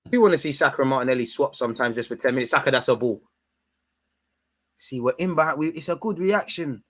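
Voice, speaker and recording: Young male watchalong host, mid-pitched, chatty and excitable, given to yelling at the ref. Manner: animated, shouts at the referee, slangy banter. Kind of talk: live match reaction commentary.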